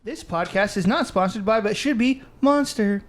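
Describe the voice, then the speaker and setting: A man's voice: high voice, normal speed. A man co-hosting a podcast in casual chat, rambling through stories and laughing often. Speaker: podcast co-host. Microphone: studio mic under bright lights.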